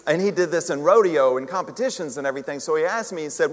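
Guy preaching, casual and jokey, kinda high voice, big echoey church hall. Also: quick pace, a little hiss or hum. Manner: chatty, self-deprecating humor, animated retelling. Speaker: minister. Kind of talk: conversational sermon with storytelling. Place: church sanctuary. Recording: long reverb of a large hall.

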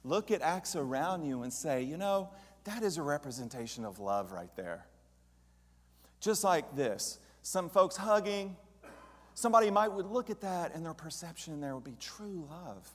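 A man giving a relaxed, conversational sermon at a church, often putting questions to the congregation. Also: a little high. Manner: conversational, asks the audience questions. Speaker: speaker at a church service. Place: church sanctuary. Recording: long hall reverb.

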